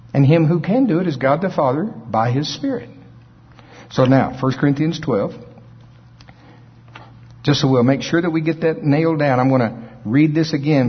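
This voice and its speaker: A man preaching a sermon in a folksy, animated way, acting out scripture scenes in different voices. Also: mid-range voice, husky. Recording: dull lo-fi recording.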